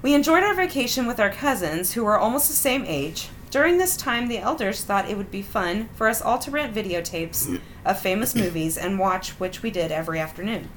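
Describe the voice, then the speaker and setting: Lively, laughing woman storyteller. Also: mid-range voice, fairly quick, a little hiss or hum. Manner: wry, animated, laughs often. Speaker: podcast host. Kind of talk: reading listener stories aloud with chat.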